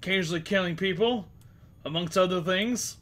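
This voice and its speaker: A man's voice: high voice, brisk, a bit bright, voice pushed up. A man putting on a brash greedy bandit. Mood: menacing. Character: rough male bandit toll keeper, brash and greedy.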